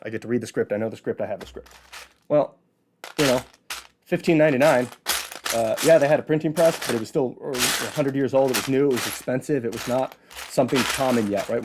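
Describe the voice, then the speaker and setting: A solo show host from Illinois with a Chicago accent gives a casual educational monologue, chatty and talkative, asking and answering his own rhetorical questions. His voice is mid-range, and the background is noisy.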